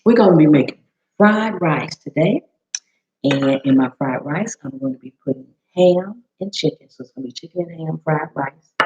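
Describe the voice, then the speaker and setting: A woman chef chatting with viewers during a live cooking demo in her home kitchen, greeting them by name, her voice a little hoarse. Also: deep voice, darkish tone. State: slightly hoarse. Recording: slightly dull lo-fi live-stream audio.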